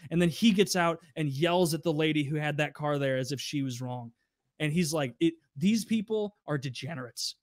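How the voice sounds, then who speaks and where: A young man tells raunchy work stories on a podcast, loose and profane. He slips into other people's voices to act out scenes. His slightly high voice sits close and dry on the mic. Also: dry recording. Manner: animated, profane, acts out customers in raised voices. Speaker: podcast co-host telling stories. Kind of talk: casual storytelling.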